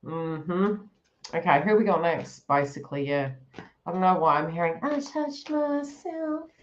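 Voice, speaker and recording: A woman's voice: low voice, moderate pace, highs cut off, a little hiss or hum. A woman giving a live-stream tarot reading, chatty and giggly, often acting out the listener's inner thoughts in quoted asides. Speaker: tarot reader.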